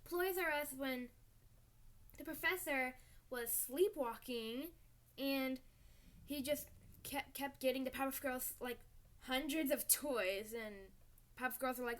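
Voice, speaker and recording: A woman hosting her own fan channel, chatting casually and excitably about favorite cartoon episodes, acting out quotes in squeaky voices. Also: a little slow, pauses often. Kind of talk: casual episode ranking chat.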